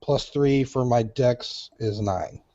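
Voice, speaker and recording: A man playing at a tabletop game, describing his character's actions in a halting way, repeating words as he thinks aloud. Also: medium pitch, dark tone, no echo, lo-fi sound. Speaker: player.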